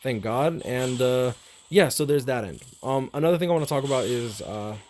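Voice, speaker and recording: Young male streamer, mid pitch, rambling, emotional, curses casually, faint hiss behind. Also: animated, a little mellow. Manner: rambling, repeats himself, swears freely; emotional, halting. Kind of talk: casual storytelling to viewers.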